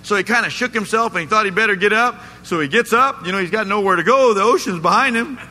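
Emphatic high-voiced male pastor preaching. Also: fast, sharp tone. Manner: emphatic, quizzes the congregation. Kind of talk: sermon. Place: church sanctuary. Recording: echoey church hall, faint noise.

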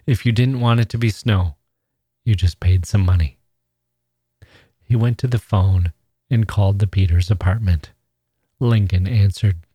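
A man, a podcast host, reading a classic short story aloud in a measured, even way. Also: on the low side, husky, no room sound.

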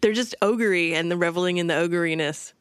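A woman's voice: on the low side, a little fast, clean tone, no room sound. Chatty woman co-hosting a book podcast. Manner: chatty, retells the story with quoted voices. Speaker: podcast co-host. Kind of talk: casual book chat.

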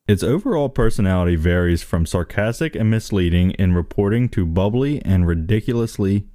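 A man's voice: low voice, expressive, brisk, dark tone, dry recording, clean studio sound. A man co-hosting a casual chat, reading a text aloud and riffing on it, often breaking into laughter. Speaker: co-host reading an entry aloud.

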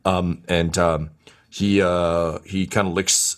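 Game master, male, low voice, halting narration full of fillers. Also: flat delivery. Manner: hesitant, many fillers.

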